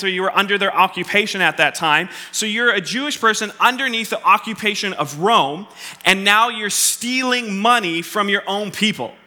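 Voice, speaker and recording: A man giving a sermon to a congregation, quizzing them playfully and asking them to answer out loud. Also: high-pitched. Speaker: pastor. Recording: long hall reverb.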